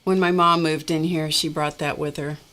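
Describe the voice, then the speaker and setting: Middle-aged woman, casual livestream host, chatty and rambling, lowish voice. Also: flat delivery, moderate pace, a bit bright. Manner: chatty, rambling, laughs often, talks to viewers by name.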